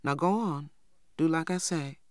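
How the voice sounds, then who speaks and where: A reader voicing a gentle, anxious mother who speaks softly but firmly, in a dry, close recording. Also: mid-range voice, measured pace, dry recording, close to an everyday voice. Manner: soft, tender, firm when giving orders. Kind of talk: audiobook character voice.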